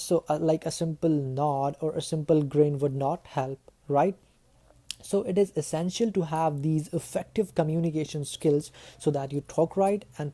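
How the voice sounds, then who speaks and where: A woman teaches a lesson to camera in a low, very dark and mellow voice. She talks in a chatty way and keeps ending her points with tag questions. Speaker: communication skills teacher.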